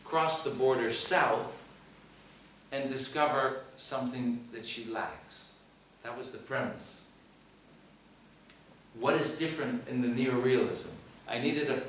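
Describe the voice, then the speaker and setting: Emphatic man in an echoey hall. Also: mid-range voice. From United States. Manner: emphatic, repeats phrases, asks rhetorical questions. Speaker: film director. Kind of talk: post-screening Q&A talk. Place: cinema hall. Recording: echoey hall, voice from far off, faint noise.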